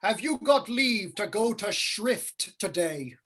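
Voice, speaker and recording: A woman doing a husky, groaning old nurse. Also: medium pitch, sing-song, slow pace, a bit bright, heavily acted. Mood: bossy. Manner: moaning, dawdling, complaining of aches. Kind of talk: amateur stage reading of a classic play.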